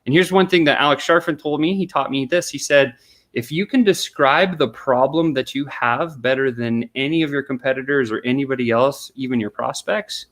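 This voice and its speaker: A man's voice: medium pitch, fairly bright tone. Man explaining sales steps in conversation. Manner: explains step by step, acts out sample questions and replies. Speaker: sales consultant guest. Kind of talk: conversational interview.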